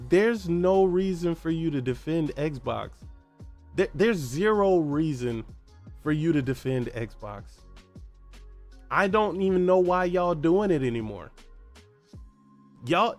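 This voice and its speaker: A man's voice: a little high, a little mellow. A man hosting a solo gaming podcast, ranting in a heated, profane and mocking way and firing off repeated rhetorical questions. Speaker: podcast host.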